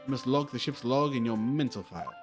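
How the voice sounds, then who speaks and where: A man voicing a theatrical, self-assured British detective, reading with a grand, drawn-out delivery over game music. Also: mid-range voice, expressive, natural voice. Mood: grandiose.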